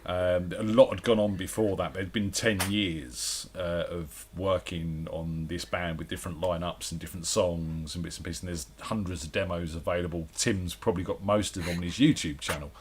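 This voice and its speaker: A man guesting on a radio show, talking in a casual, rambling way. His voice sits a little low. He tells stories with plenty of fillers. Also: fairly even intonation, moderate pace, few pauses, slight background noise. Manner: chatty, rambling storyteller. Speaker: guest musician.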